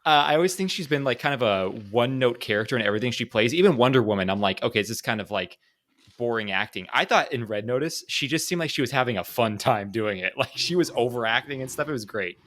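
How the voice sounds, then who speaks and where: Podcast co-host, male, rapid chatty delivery, mid-pitched. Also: animated, a bit bright. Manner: chatty, quick, fills with "like". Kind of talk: casual chat.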